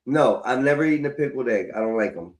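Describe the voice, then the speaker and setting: A man's voice: mid-range voice, animated, quick pace. A man hosting a casual call-in stream, talking in a dry, teasing, matter-of-fact way.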